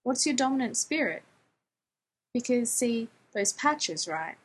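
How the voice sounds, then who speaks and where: Woman doing a rambling excitable young guy. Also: a little high, a little slow, a little hiss or hum, voice pushed up, poor audio. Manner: rambling, breathless, full of "like" and "man".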